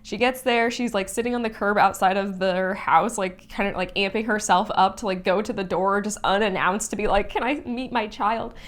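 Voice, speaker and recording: A young woman talks through a spoiler review of a novel she loved. She speaks in a loose, chatty way with lots of "like" and shows open feeling. Her voice sits at a middle pitch. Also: steady tone, moderate pace, hardly any pauses. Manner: chatty and emotional, heavy use of "like", sighs and laughs. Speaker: book reviewer. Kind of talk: casual spoiler book review.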